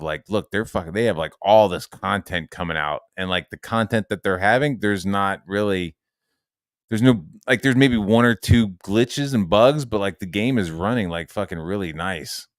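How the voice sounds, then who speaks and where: A man hosting a casual, profanity-heavy chat about a video game, animated and acting out quoted voices. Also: sits low, normal speed, no room sound, studio quality. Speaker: host.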